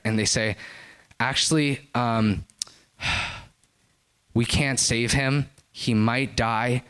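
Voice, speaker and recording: A man preaches a sermon, telling a story with lots of animation and climbing to high, excited lines at its climaxes.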